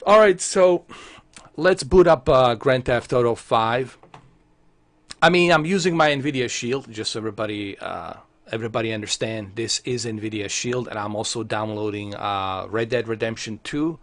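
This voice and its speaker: A man's voice: medium pitch, moderate pace, fairly bright tone, no echo. A man chatting casually on a live stream who often breaks into heated, profane rants, with many fillers. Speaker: tech streamer.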